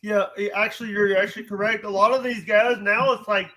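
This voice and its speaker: Halting high-voiced man hosting a chat. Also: steady tone, bright, forceful tone, rough recording. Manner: halting, restarts his sentences. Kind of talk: casual chat.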